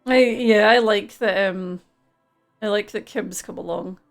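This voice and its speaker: Gravelly-voiced woman streamer. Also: medium pitch, a little slow, soft background music. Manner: chatty, reads game text aloud, laughs easily. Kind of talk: live gameplay commentary and reading aloud.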